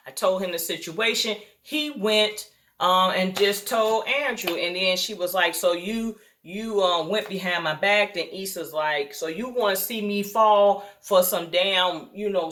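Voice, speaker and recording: Bright-voiced woman chatting through a recap. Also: mid-range voice. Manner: chatty retelling, acting out quotes, frequent um and you know. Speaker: TV recap reviewer. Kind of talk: casual episode recap.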